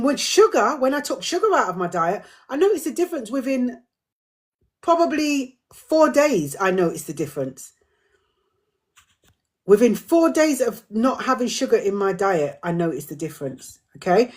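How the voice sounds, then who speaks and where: A woman's voice: fairly high pitch, sing-song, moderate pace. A middle-aged woman hosting a live drop-in, talking earnestly and repeating her points for emphasis, her throat a little dry. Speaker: host of a community live drop-in. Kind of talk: casual live-stream talk.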